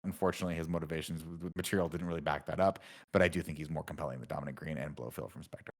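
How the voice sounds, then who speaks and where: A man co-hosting a casual film review podcast, relaxed and joking. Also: a bass voice, very fast. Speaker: podcast co-host. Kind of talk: casual movie review chat.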